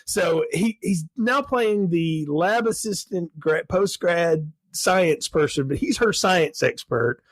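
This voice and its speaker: Man, thirties, slightly high husky voice, dry close mic, animated podcast co-host. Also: slow pace, hardly any pauses, dry recording. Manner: animated storyteller, laughs often. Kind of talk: casual chat.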